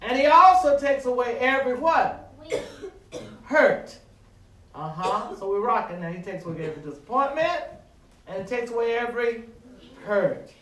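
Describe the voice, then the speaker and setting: A man preaching a sermon with call-and-response, stretching words with dramatic pauses and rising to shouts. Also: very high-pitched, lively intonation, far from the mic. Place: church sanctuary. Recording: echoey room, voice from afar.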